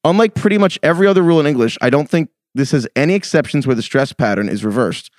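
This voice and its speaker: A man's voice: fairly high pitch, expressive, quick pace, no room sound, studio quality. A man hosting a podcast, joking around and reading listener emails aloud in casual chat. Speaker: podcast host.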